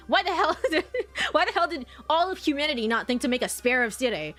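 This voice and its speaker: A woman's voice: high voice, brisk, hardly any pauses. A young adult woman streaming a game, chatting casually, swearing and reacting to the story. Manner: animated, swears and laughs often. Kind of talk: casual let's-play commentary. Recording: faint game music behind.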